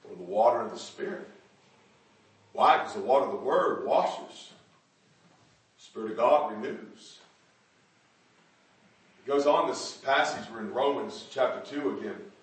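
A man preaching a sermon with fervour, building up to loud shouts. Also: mid-range voice, unhurried, pauses often. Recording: echoey room, distant mic.

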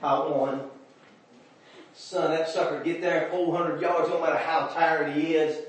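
A man preaching a folksy revival sermon, telling stories and building up to shouts. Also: fairly high pitch, fairly even intonation, a little slow, heavy reverb, far from the mic. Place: church sanctuary.

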